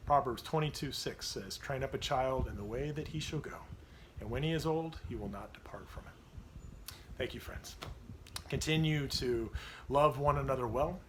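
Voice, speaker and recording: A man in his thirties speaks as a pastor, warm and earnest, working through a confessional story about parenting. His voice sits in a middle register. A faint hiss runs beneath the recording. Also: medium pitch, moderate pace. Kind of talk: devotional talk on parenting.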